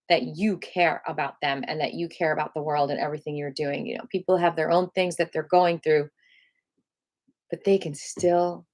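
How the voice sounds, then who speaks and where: Calm woman leading a qigong class. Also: sits low. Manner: slow, soothing, reflective guidance. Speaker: qigong teacher. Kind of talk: live guided qigong class. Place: at home.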